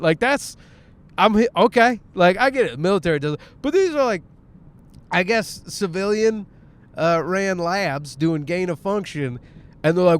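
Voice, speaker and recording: Rambling, profane comic man with a smooth voice. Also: high-pitched, big pitch swings, moderate pace. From Michigan. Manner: loose, profane, jokey, acts out quoted voices. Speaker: podcast host and stand-up comic. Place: in a car on the way to the gym.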